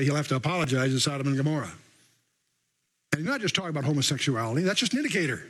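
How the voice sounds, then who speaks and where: Husky older man teaching a sermon. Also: medium pitch, a bit bright, low-quality recording. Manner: conversational teaching with asides and emphatic scripture reading. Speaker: Bible teacher.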